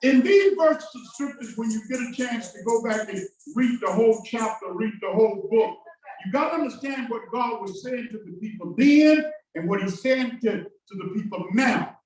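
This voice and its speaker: Impassioned preacher in an echoing church. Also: male voice, very high voice, expressive, moderate pace, soft background music. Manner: call-and-response preaching, shouting bursts and sudden drops. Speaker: pastor. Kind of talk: sermon. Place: church sanctuary. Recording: very echoey church from a distance.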